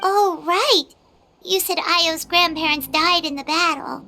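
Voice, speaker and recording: An actress voicing a tiny, chatty floating companion creature in a video game, talking quick and expressive, recorded in a studio. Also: female voice, extremely high pitch, a little hiss or hum, full character voice.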